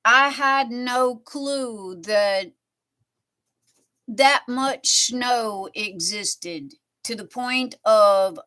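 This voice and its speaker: Slow, bright-voiced chatty woman. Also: fairly high pitch. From southern United States. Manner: chatty, meandering, drawn-out storytelling. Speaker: live streamer. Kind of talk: casual chat while crafting.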